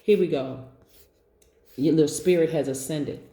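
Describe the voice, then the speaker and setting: Chatty, excited woman tarot reader with a warm, mellow voice, recorded in an echoey room. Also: sits low, unhurried. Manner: enthusiastic, chatty, encouraging. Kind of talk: casual tarot reading to viewers.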